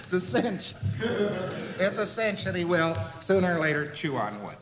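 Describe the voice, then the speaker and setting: A man's voice: high voice, sing-song, moderate pace, reverberant, over a noisy crowd, rough recording. A man giving a conversational lecture full of anecdotes, chuckling at his own points and asking rhetorical questions.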